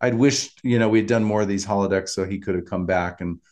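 A man's voice: on the low side, fairly even intonation, quick pace, darkish tone. A man co-hosting a casual podcast, reminiscing in an easygoing way. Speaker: podcast co-host. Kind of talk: casual chat.

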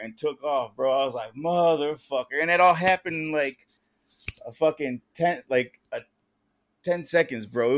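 A man's voice: medium pitch, vocal fry, fairly bright tone. A man telling street stories in a casual podcast chat, profane and full of slang, acting out the voices of people in his tales. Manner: profane street slang, says "bro" often; acts out quoted voices in the stories. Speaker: podcast guest or co-host.

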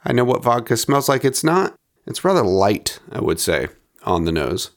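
A man hosting a spirits review podcast, reading his notes in a steady, descriptive way. His pitch moves up and down a lot as he talks. Now and then he drops into soft, low asides. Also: normal speed. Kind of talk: scripted review narration.

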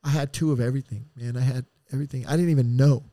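A middle-aged man, a podcast guest, telling a painful personal story in a raw, profane and heartfelt way, with sighs and halting restarts. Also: mid-range voice, steady tone, mellow, dry recording.

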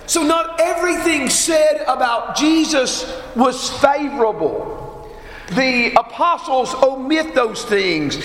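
A man preaching a sermon, teaching in a measured, emphatic way and repeating rhetorical questions. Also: very high voice, a bit bright, slight background noise. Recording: echoey hall with long reverb.

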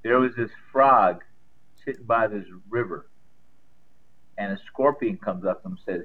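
Man, co-host, folksy storyteller, casual sports chat, lowish voice, tinny phone-line sound. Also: measured pace, long pauses. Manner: folksy storyteller, homespun sayings.

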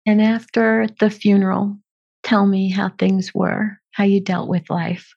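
A woman hosting a podcast, gently asking follow-up questions in a conversational interview. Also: medium pitch, little pitch movement, unhurried, gravelly. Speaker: podcast host. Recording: dull lo-fi audio.

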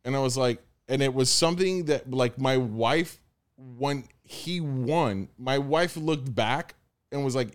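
A man's voice: medium pitch, unhurried. A young American man telling a story in casual chat, acting out the people he quotes. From United States.

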